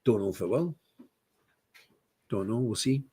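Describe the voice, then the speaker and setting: Scottish male streamer, husky voice, rambling and worked up, casual monologue. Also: animated, a little slow, dark tone. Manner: rambling, indignant, lots of restarts and big pitch swings. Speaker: livestream host.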